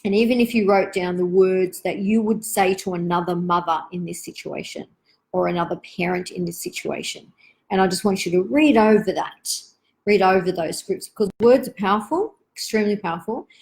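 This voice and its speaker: A woman, hosting a live online Q&A for parents in a gentle, reflective, chatty way with many asides. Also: mid-range voice, fairly quick, poor audio.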